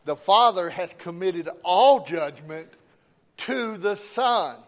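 A male pastor delivers a sermon at a deliberate, unhurried pace. His voice sits a little high for a man, and he builds emphasis and calls out to the congregation. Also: lively intonation, a bit bright. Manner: preaching with rising emphasis and call-outs to the congregation.

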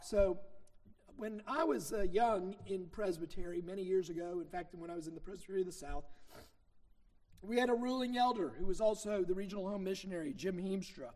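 High-voiced middle-aged preacher. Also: male voice, brisk, a little mellow. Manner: conversational teaching with anecdotes. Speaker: minister. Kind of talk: sermon.

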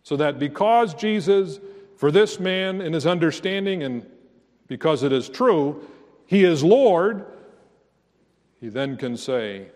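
A man preaching a sermon as pastor, slow and earnest, rising to emphatic declarations. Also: fairly high pitch, expressive, a little mellow, in a large hall.

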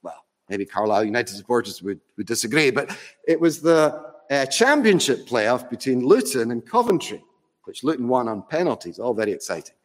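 A man's voice: medium pitch, big pitch swings, normal speed, big-room sound. A man preaching a sermon in a church, telling a story in a conversational way with fond humour.

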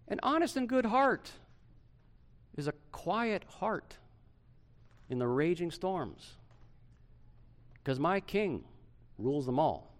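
Animated male pastor preaching. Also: sits high, takes it slowly, long pauses. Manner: animated preaching, swinging from loud emphasis to hushed softness. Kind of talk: sermon.

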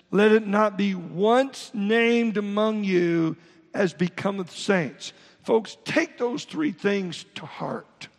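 A pastor preaches in a gravelly, husky voice that sits high for a man. He reads scripture aloud and often stops and restarts his sentences. The long reverb of a church hall trails after each phrase. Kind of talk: sermon.

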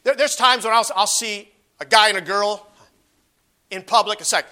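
A man preaching a sermon, moving between emphatic exclamations and quiet asides, and reading scripture aloud in slow measured phrases. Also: high-pitched. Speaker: pastor. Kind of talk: expository sermon.

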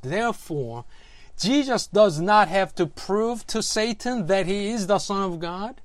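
Slow-paced preacher, sermon delivery, dry close sound, rhetorical questions. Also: mid-range voice, dry recording. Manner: deliberate, rhetorical questions to listeners.

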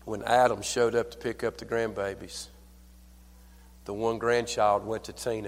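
An older man preaching a sermon at a church service. He tells folksy stories, calls for amen, and swings from hushed lines to loud, fervent preaching. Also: lowish voice, level tone, moderate pace, in a large hall. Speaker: pastor.

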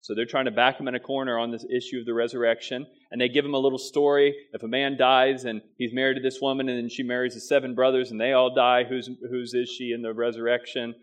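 A pastor preaching a sermon, with emphatic stressed phrases and quick asides. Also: male voice, medium pitch, little pitch movement.

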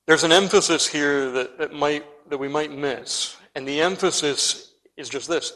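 A man's voice: a little high, moderate pace, a bit bright. Earnest preacher man in a reverberant hall. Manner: addresses listeners directly. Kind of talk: expository sermon. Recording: long reverb in a large hall.

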